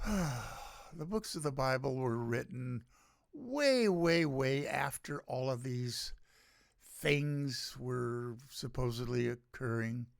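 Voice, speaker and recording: An older American podcast host delivers a solo opinion rant in a gravelly, medium-pitched voice, unhurried and sardonic. He halts often, pausing to search for words. The recording is dry and close, with little room sound.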